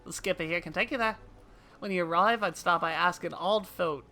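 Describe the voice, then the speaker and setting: A woman's voice: lowish voice, a little fast, pushed and bright. A woman reading the lines of a plain-spoken, helpful dockside man in a game.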